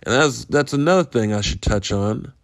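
A man's voice: mid-range voice, expressive, moderate pace, gravelly, no echo, studio quality. A man hosting a casual solo podcast, reviewing a movie in a rambling, profane, self-interrupting way. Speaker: podcast host.

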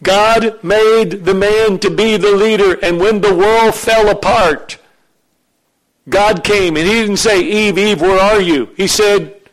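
A man preaching a sermon as pastor, animated and joking with his congregation in a church. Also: high-pitched, takes it slowly, poor audio.

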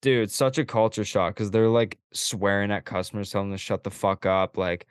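Young dude on a podcast, lowish smooth voice, acts out every line of the story, swears a lot, dry close sound. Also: male voice, moderate pace, dry recording. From Canada. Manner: animated storytelling, acting out quoted dialogue, frequent swearing. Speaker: podcast co-host. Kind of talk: casual chat.

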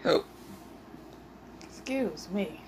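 Animated woman chatting on her podcast. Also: medium pitch, very slow, a little hiss or hum. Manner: animated storytelling, playfully argumentative. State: a little out of breath. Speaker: podcast host. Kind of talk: casual solo podcast chat.

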